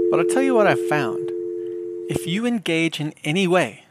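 A middle-aged man hosting a podcast, telling comic stories in a wry, deadpan way. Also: a little high, noisy background. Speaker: podcast host. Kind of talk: comedic storytelling monologue.

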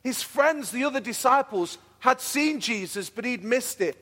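A man's voice: very high-pitched, animated, normal speed, a bit bright. A man preaching a sermon as pastor, earnest and repetitive, building to fervent declarations. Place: church hall. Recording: long hall reverb.

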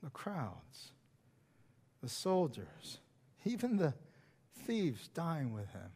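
High-pitched guy preaching slow, loud then whispery, big echoey church sound. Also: wildly swooping pitch, breathy edge. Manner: dramatic swings from loud emphasis to hushed whispers; repetitive emphatic phrasing. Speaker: pastor. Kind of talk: sermon. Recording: long reverb of a large hall.

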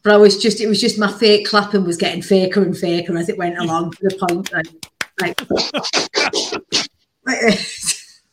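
A woman hosting a podcast, telling a story in an animated, casual way with plenty of "like" and the odd swear word. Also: medium pitch, measured pace, long pauses, very noisy. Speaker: podcast host. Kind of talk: casual chat.

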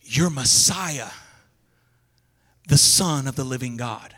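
A man voicing an eager, impetuous male disciple who excitedly declares his faith. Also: medium pitch, slow, voice pushed down. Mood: fervent. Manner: excited, stumbling over words. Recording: long hall reverb.

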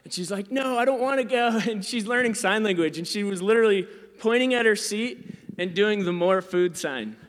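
A man with a high voice tells a casual, self-deprecating story about being a dad. He gets louder and higher as the story gets exciting. His voice rings with a long reverb tail. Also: normal speed.

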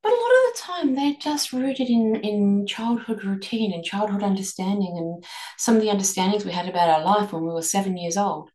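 A woman hosting a reflective podcast, leading listeners through a string of gentle questions. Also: medium pitch, fairly quick. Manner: asks many guiding questions, gentle restarts. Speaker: podcast host and eating coach. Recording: echoey room.

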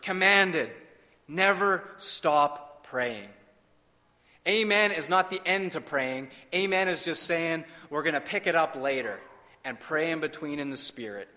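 Earnest young pastor preaching in a hall. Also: male voice, high voice, sharp tone. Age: 30s. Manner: earnest preaching with slow emphatic pauses. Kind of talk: sermon. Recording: long hall reverb.

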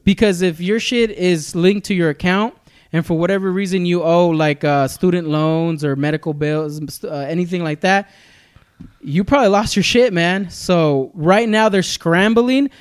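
A man's voice: sits high, normal speed, smooth. A man co-hosting a podcast, chatting loosely and profanely, laughing between lines. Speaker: podcast co-host. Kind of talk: casual chat.

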